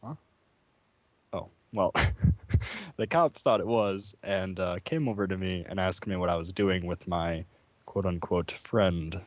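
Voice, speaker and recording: A man from the United States, telling a story in casual chat, halting with many fillers and laughs, over a lo-fi voice call. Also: low-pitched, a little mellow, dry recording. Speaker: podcast guest.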